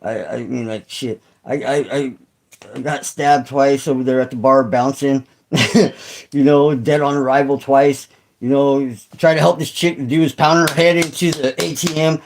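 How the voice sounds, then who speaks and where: A man's voice: medium pitch, fairly even intonation, moderate pace, poor audio. A middle-aged man hosting a casual livestream chat with viewers, rambling and swearing, full of fillers and restarts. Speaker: channel host.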